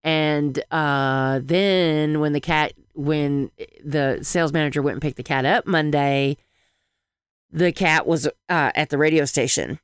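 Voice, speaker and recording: A woman with a Southern accent co-hosting a podcast, chatting in a rambling, animated way. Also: deep voice, a little slow, clean tone, no room sound. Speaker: podcast co-host. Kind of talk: casual fan chat.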